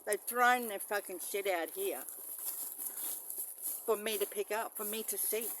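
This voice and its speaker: A vlogger, filming outdoors beside a van on a handheld phone, rambling and swearing, swinging between loud outbursts and low muttering. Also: measured pace, a little hiss or hum. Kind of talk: rambling handheld vlog monologue. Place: outdoors beside a parked van near mangroves.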